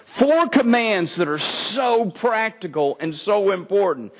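Slow-speaking preacher, high voice. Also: male voice, lively intonation, husky, in a large hall. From Texas. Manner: reads scripture then explains it with humor. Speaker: pastor. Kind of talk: sermon.

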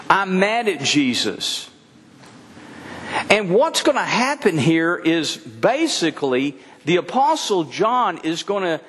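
A middle-aged pastor with a high-sitting, slightly rough voice preaches earnestly to his congregation during a church service, often repeating words for emphasis. Long reverb from the hall fills the recording.

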